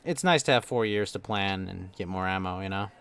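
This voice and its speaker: A man's voice: low voice, expressive, brisk, gravelly, fairly bright tone, smooth. A man in casual group talk on a live stream, arguing his points with many fillers and trailing phrases. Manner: argumentative, filler-heavy, trailing off. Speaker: stream participant.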